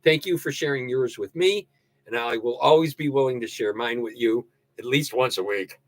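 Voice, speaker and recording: An older man hosting a casual livestream, ranting and joking with sudden loud outbursts. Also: mid-range voice, moderate pace, dry recording. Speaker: livestream host. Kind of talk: casual livestream rant and sign-off.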